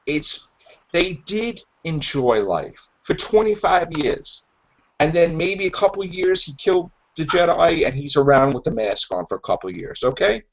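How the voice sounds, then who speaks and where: A man hosting a podcast in casual chat, rambling and acting out characters' lines in animated voices. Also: a little high, moderate pace. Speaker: podcast host. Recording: dull lo-fi podcast audio.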